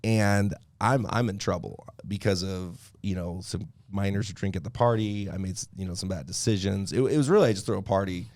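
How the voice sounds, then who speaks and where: Male guest, low gravelly voice, dry close mic, lively storyteller who laughs a lot. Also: a little fast, few pauses, no echo. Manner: animated, laughs often while telling stories. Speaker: podcast guest. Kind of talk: casual storytelling.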